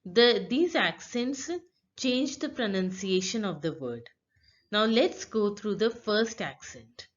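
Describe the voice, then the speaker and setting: A woman teaching pronunciation, slowly and patiently repeating words for beginners. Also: medium pitch, animated, highs cut off. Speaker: French teacher. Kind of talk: slow explanatory lesson.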